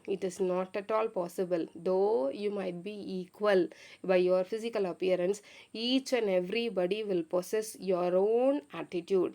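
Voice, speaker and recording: A woman's voice: medium pitch, a little mellow. A woman teacher, explaining a literature lesson and retelling the story with frequent fillers and "okay".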